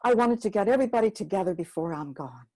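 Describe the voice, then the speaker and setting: A woman storyteller voicing a gentle, wise elderly grandmother with a homespun, reassuring manner. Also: mid-range voice, lively intonation, fast, lightly acted.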